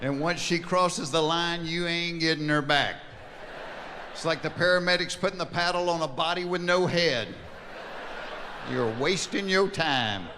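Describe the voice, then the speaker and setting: Deadpan male comic in a big hall. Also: on the high side, normal speed, slight background noise. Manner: deadpan storytelling with repetitive punchlines. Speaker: stand-up comedian. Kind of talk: stand-up comedy.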